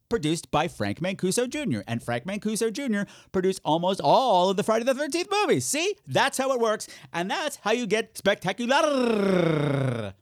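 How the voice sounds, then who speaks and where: A man hosting a solo podcast, chatting in an animated, campy way, swearing freely and talking to himself. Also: high-pitched, no room sound, studio quality. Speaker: podcast host. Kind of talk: solo podcast chat, horror recommendations.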